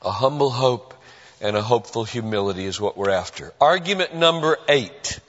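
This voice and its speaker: A male pastor preaching a sermon in a church, earnest and emphatic, with dramatic pauses. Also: mid-range voice, animated, a bit bright. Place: church sanctuary. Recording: dull recording with long hall reverb.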